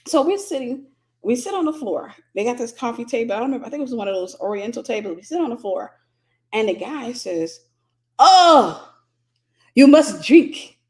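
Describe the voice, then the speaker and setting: A woman's voice: on the high side, animated, fast talker, mellow. A woman teaching and mentoring online, telling a personal story in a chatty way with asides to her viewers. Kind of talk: casual storytelling to a live audience.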